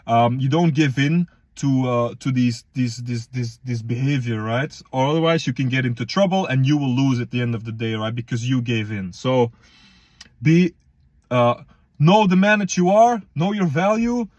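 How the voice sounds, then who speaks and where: A man's voice: medium pitch, normal speed, darkish tone, no room sound, muffled recording. A young man casually talking to viewers as a fitness vlogger, slangy and loose, calling them guys and bro. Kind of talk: casual advice vlog.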